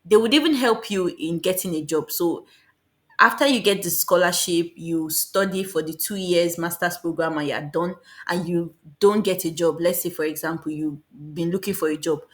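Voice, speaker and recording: A woman giving a casual, fast explainer on applying for a scholarship, often repeating and correcting herself. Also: fairly low pitch. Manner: fast, repetitive, self-correcting. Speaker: scholarship guide vlogger.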